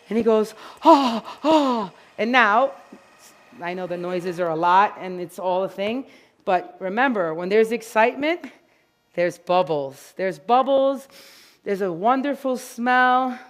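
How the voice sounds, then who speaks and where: Animated woman giving a live product demo. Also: fairly high pitch. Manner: animated and playful, talks to the audience. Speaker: product educator. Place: store grand opening event.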